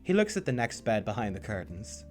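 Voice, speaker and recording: Low-voiced male storyteller. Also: brisk, faint music behind. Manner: steady storytelling, playful asides. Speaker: narrator. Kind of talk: second-person visual novel narration.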